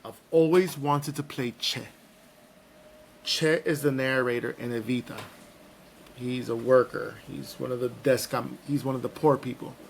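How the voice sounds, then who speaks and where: A man hosting a podcast in casual, playful chat, animated and joking. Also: mid-range voice, creaky, slight background noise. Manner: playful, animated, breaks into singing and impressions. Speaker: podcast host.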